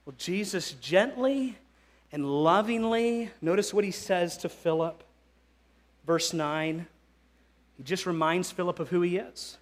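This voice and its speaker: A male pastor preaching a sermon, speaking animatedly and acting out the disciples' voices. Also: sits high.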